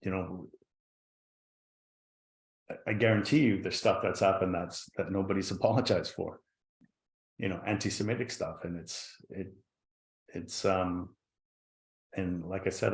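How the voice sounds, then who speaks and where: A man's voice: deep voice, fairly even intonation, measured pace, pauses often. A man speaking as a guest on a virtual panel, telling a personal story in an earnest, reflective way over a video call. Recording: roomy echo.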